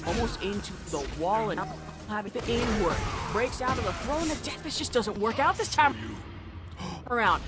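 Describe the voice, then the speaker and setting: A woman's voice: on the high side, normal speed. Upbeat young woman calling a fighting game over music. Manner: excitable, playful, laughs and jokes. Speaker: esports commentator. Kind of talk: fighting game play-by-play commentary. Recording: loud music bed behind.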